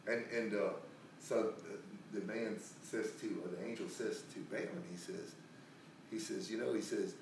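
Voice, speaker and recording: Speaking at normal speed in a fairly low, slightly mellow voice with vocal fry, a preacher keeps a steady tone while rambling through a Bible story. He restarts often and acts out the quotes. Slight background noise accompanies a distant, echoey recording.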